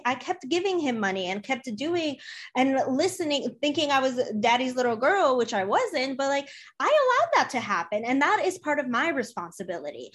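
A woman's voice: high voice, fairly bright tone. A young woman guest on a podcast, talking earnestly in casual conversation and often repeating herself.

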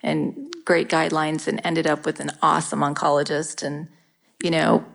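A middle-aged woman talking candidly in an interview, halting often and restarting her sentences. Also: low-pitched, flat delivery, gravelly. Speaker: guest sharing her cancer story. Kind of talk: casual interview talk.

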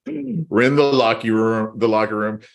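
A lowish, vocal-fry voice at a moderate pace belongs to a middle-aged man co-hosting a podcast. He's a laughing, lively storyteller in casual conversation.

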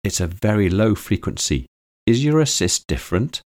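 A man reading aloud, voicing a gentle, eager young woman who speaks telepathically in a soft, earnest way. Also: on the low side, sing-song, moderate pace.

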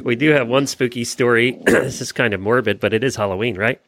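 A man co-hosting a podcast, telling a story in a chatty way with quick restarts and easy chuckles. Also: mid-range voice, noisy background. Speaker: podcast co-host. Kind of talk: casual chat and anecdote.

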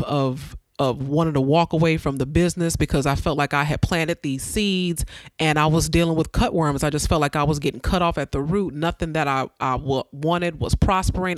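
A woman's voice: low voice, no room sound. A woman hosting her own podcast, giving an earnest, preacher-like motivational talk that repeats phrases for emphasis. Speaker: podcast host.

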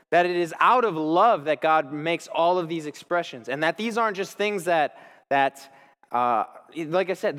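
Young man, casual sermon, slangy and enthusiastic, slightly high voice, long hall reverb. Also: a bit bright. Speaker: speaker at a church gathering. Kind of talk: informal sermon with storytelling.

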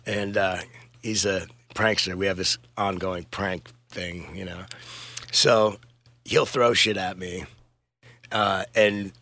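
A man's voice: sits low, steady tone, slow pace, pushed and bright. A middle-aged man, a touring musician, chatting casually in a podcast interview, rambling and laid-back, swearing and laughing often.

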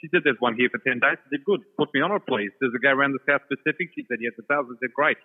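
A man telling an animated personal story, laughing often and acting out the other voices, from a shopping centre. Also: medium pitch, very fast, breathy edge. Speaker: storyteller guest. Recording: tinny phone line with long reverb.

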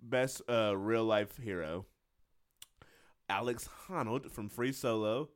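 A man's voice: lowish voice, slow, dry recording, clean studio sound. A man co-hosting a casual podcast, playfully reading out lists and laughing often. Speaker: podcast co-host.

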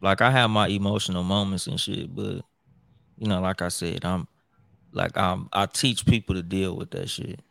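A man's voice: low voice, level tone, moderate pace, gravelly, fairly bright tone, no echo, studio quality. A man who hosts his own show, chatting casually in a profane, rambling way with many restarts. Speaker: podcast host. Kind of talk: casual chat.

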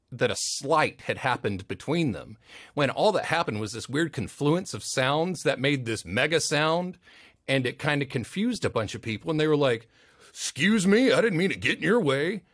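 A man's voice: medium pitch, no echo, clean studio sound. A man chatting as a podcast guest, telling anecdotes with energy and acting out the other people in them. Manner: animated storyteller, acts out the voices in his anecdotes. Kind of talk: casual storytelling chat.

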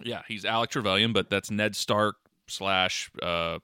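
A man's voice: lowish voice, fairly even intonation, measured pace, pushed and bright, clear, resonant tone, dry recording, studio quality. A man co-hosting a podcast, chatting casually and giving firm opinions while stammering and repeating words. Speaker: podcast co-host. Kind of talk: casual chat.

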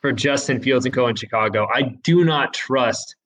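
Relaxed male sports podcast co-host. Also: mid-range voice, moderate pace, low-quality recording. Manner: relaxed, confident picks with frequent "I think". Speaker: podcast co-host picking games. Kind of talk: casual sports betting chat.

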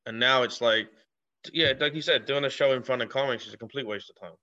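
Bright-toned blunt man, lo-fi sound. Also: medium pitch, a little fast. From England. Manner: blunt, swearing, laughs often. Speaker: guest comedian. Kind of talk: casual podcast chat.

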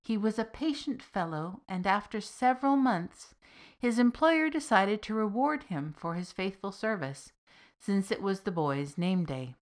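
A woman narrating a fiction podcast in a deliberate, even reading voice with soft, trailing phrase ends. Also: medium pitch.

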